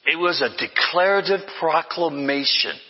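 Male preacher, passionate and repetitive delivery, husky tone, recorded lo-fi in an echoey church hall. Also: on the high side, animated, moderate pace. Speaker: pastor. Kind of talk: sermon.

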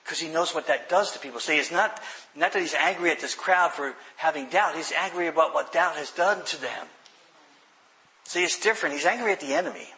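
A man preaching a sermon, explaining scripture earnestly, often restarting phrases and sinking to quiet emphasis. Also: on the high side, fairly quick, rough recording. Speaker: pastor.

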